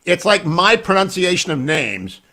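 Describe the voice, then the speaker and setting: A man in his sixties is hosting a radio talk show, bantering and joking with his guest. His voice sits a touch higher than most men's. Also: sing-song, normal speed, bright, forceful tone. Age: 60s. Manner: jokey and bantering. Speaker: radio host.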